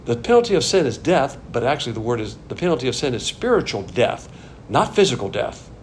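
An older man from the American South teaching a Bible sermon, swinging between loud emphasis and quiet asides. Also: medium pitch, very animated, fast talker, a little hiss or hum. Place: Texas.

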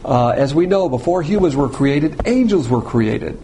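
A man preaching a sermon, blunt and provocative, swinging between loud emphasis and quiet asides. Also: fairly high pitch, lively intonation, normal speed, slight background noise.

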